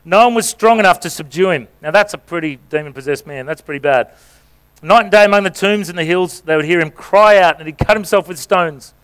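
Aussie pastor guy, pretty high clear voice, cracking jokes while he acts out a bible story in church. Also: a little fast, fairly bright tone. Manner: jokey, playful, coaching volunteers on stage. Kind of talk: sermon with acted-out scripture reading. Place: church stage before a congregation.

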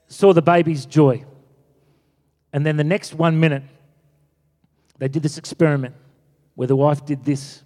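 A man's voice: a little high, a little mellow. A middle-aged man preaching a sermon, telling stories with animation and acting out the quotes. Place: church. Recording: echoey church hall.

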